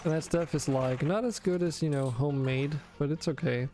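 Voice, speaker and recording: A man's voice: on the high side, normal speed, dark tone, faint music behind. A man casually talking through his gameplay on a stream, rambling, drowsy and self-correcting as he goes. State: yawning, sleepy.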